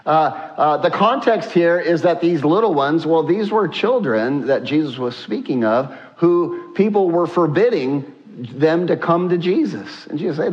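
Speaking a little slowly in a voice on the high side, a male pastor delivers an energetic sermon with many exclamations and frequent "uh" fillers, the audio sounding dull. He calls on the congregation to read verses aloud along with him.

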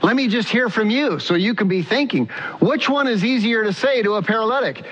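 A man's voice: high-pitched, lively intonation, brisk, fairly bright tone. A male pastor preaching a sermon in an earnest style, putting questions to the congregation. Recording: muffled sound with long church reverb.

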